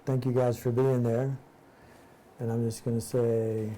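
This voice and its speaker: A man's voice: mid-range voice, little pitch movement, dark tone, a little hiss or hum, poor audio. Man reading and explaining a spiritual text. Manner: reads aloud haltingly, rereads and restarts passages; explains in plain words after each passage. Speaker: study group leader.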